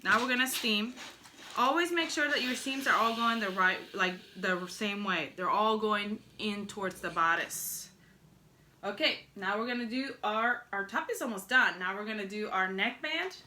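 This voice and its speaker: A woman's voice: medium pitch, moderate pace, pushed and bright. A young woman giving a casual sewing tutorial, chatting and joking with viewers as she works at her sewing machine. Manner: chatty, jokey asides to viewers while working. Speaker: sewing pattern instructor.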